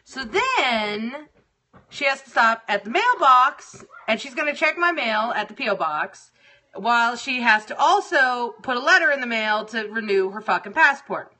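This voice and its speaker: Bright-voiced profane woman host. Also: fairly high pitch, normal speed. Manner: profane, exasperated, animated. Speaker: radio show host. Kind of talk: casual storytelling monologue.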